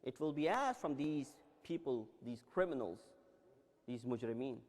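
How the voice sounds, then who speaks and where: A man's voice: medium pitch, expressive, moderate pace, darkish tone. A male preacher giving a religious lecture, telling stories dramatically and acting out the dialogue. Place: large Islamic center hall. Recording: long reverb in a large hall.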